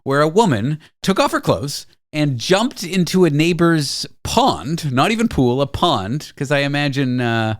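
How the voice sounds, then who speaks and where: A man's voice: fairly high pitch, very animated, a little slow, few pauses. Man, show host, playful chat, tells anecdotes. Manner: playful, storytelling, quotes people in put-on voices. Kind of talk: casual chat.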